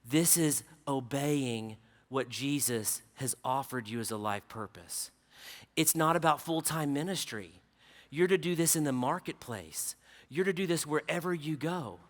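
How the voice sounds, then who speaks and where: A man's voice: on the high side, expressive, a little slow. A middle-aged man preaching at a conference, emphatic, driving home key phrases by repeating them. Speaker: conference speaker. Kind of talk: sermon. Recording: long hall reverb.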